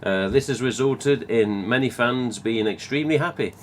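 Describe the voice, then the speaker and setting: A man from England with a Midlands accent hosts a live stream, chatting casually, reading viewer comments, rambling and occasionally swearing. His mid-range voice moves at a normal speed over slight background noise.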